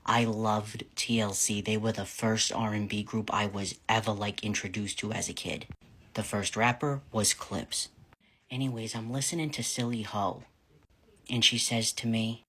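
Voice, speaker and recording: A man from New Hampshire with a New England accent, telling casual storytime tales in a wry, profane way that grows louder and more animated. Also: lowish voice, normal speed, slightly rough. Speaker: vlogger.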